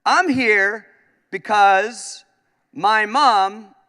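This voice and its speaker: A man with a high voice draws out his words. He's a radio host from upstate New York giving a comic speech in a large conference hall, telling animated stories and acting out his own lines, all with long hall reverb.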